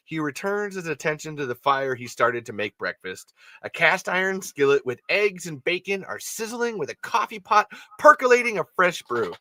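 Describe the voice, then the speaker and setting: Bright-voiced, rambling man reading aloud. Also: fairly high pitch, very animated, moderate pace, no echo. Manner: casual, rambling, self-correcting. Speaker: podcast host. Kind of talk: reading fan fiction aloud with asides.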